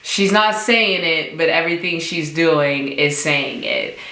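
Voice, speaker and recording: A young woman tells a casual storytime vlog in a low, bright voice, slipping into high-pitched acted-out quotes. She speaks slowly and unhurriedly. The sound is echoey, as if recorded in a bare room. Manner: animated, acts out quoted dialogue with jumps in pitch. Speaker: vlogger.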